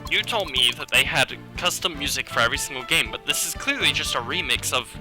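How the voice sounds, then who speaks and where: A man's voice: mid-range voice, lively intonation, a little fast. A man streaming a game live, chatting casually and reacting to chat and game music. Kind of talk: casual live gameplay commentary. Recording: game music playing behind.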